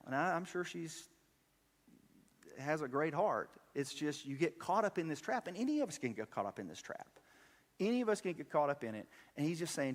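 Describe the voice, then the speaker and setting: Pastor, plain talking, slightly raised voice, long church reverb. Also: male voice, fairly high pitch, expressive. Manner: conversational, halting with fillers and restarts. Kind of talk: sermon.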